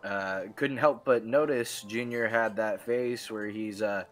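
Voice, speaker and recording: An actor playing a caring, perceptive male coworker who talks gently with a teasing edge. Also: on the low side, measured pace, faint music behind. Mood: concerned. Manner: gentle, teasing, hesitant fillers.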